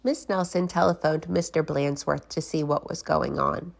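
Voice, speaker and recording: A woman reading a children's picture book aloud as a guest reader, slow and expressive. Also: low-pitched, creaky.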